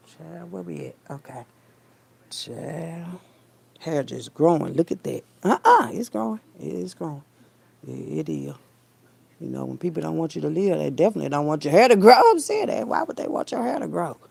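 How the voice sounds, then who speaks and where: A woman's voice: on the low side, gravelly, mellow, slightly rough. A woman vlogger talking casually to her viewers while braiding her hair, blunt and rambling, calling them baby and child and trailing off into mutters.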